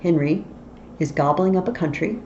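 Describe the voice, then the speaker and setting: A woman's voice: on the low side, normal speed, a little mellow. A woman teacher explaining a play in a literature tutorial, with wry asides, on a dull, faintly noisy recording.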